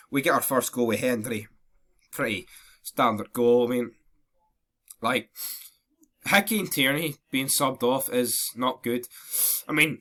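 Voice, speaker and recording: Scottish young guy, bright forceful voice, swearing a lot, sore throat and blocked nose, mocking football rant. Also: mid-range voice. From Scotland. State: throat infection, stuffy nose. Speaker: football vlogger. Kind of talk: casual match review rant.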